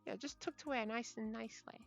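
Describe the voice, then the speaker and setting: A woman's voice: a little high, fairly even intonation, fast, creaky, soft background music. A young woman from Britain with an English accent, chatting casually with her livestream viewers and laughing often. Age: young adult. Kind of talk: casual chat reading viewer messages.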